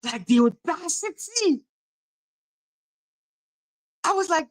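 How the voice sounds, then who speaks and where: A woman hosting a livestream, talking straight to her chat in an animated, repetitive rant broken up by laughter. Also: high-pitched, takes it slowly, dry recording, low-quality recording. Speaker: livestream host.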